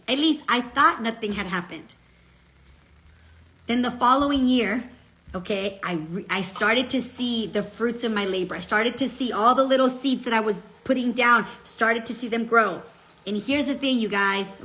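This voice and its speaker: Middle-aged woman, direct-to-camera motivational speaker; bright, fairly high voice; chatty and emphatic, switches into Spanish. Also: moderate pace. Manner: chatty, emphatic, peppers speech with "okay?" and "guess what"; switches into Spanish phrases mid-sentence. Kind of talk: casual motivational talk.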